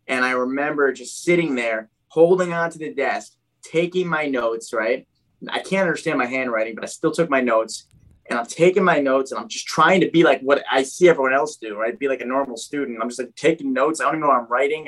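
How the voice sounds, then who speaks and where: Young adult man, animated, chatty guest recounting his past in a mid-range voice. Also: medium pitch, low-quality recording. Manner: animated, heavy use of "like" and "dude". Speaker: guest telling his life story. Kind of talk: casual storytelling.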